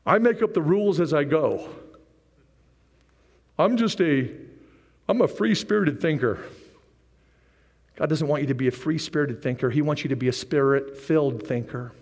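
A man preaching a sermon as pastor, animated, with repeated rallying phrases and joking asides. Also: on the high side, normal speed, pauses often. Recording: long reverb of a large hall.

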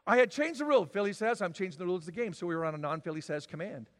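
A man preaching a sermon, swinging from loud, emphatic declarations to quiet, drawn-out lines. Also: high-pitched, big-room sound. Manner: dramatic swings from shouting to near-whisper. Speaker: pastor.

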